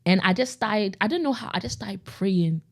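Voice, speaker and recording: A young adult woman podcast host shares her personal faith testimony in a casual, conversational way. She speaks rapidly and animatedly in a medium-pitched voice, frequently saying "like" and repeating phrases.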